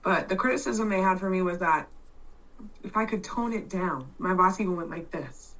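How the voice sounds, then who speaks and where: A loud, blunt woman vents in casual chat, swearing freely and starting her sentences over. Her voice is fairly low and bright. She sits a little away from the mic. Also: normal speed, recorded from a distance, low-quality recording. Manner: loud, blunt, heavy swearing, rambling restarts.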